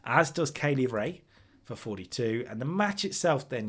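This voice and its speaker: A man's voice: mid-range voice, big pitch swings, moderate pace, husky. A man casually talking through a wrestling booking game, recapping each segment and reading out its ratings. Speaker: streamer booking a wrestling sim.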